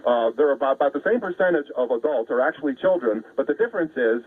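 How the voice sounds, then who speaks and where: A man's voice: mid-range voice, expressive, fast talker, husky. A man, a guest calling in to a radio show, lecturing in an assertive way over the phone. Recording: tinny phone line.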